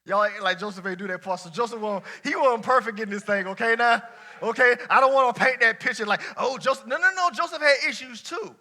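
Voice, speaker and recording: A man preaching a sermon to a church congregation, talking casually, shouting at some points and dropping low at others. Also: fairly quick. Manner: lively colloquial preaching, swinging between shouts and near-quiet asides. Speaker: pastor.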